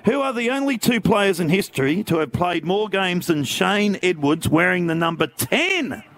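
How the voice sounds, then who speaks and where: A man's voice: sits high, expressive, moderate pace, a bit bright. Laughing man hosting a quiz. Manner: playful, laughs often. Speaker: radio quiz host. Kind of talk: jokey radio banter.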